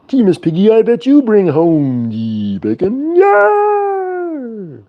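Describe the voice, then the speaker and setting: A man voicing a gentle male frog puppet, crooning slowly and wistfully in a high voice. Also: wildly swooping pitch, dull audio, exaggerated voice. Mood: cheery.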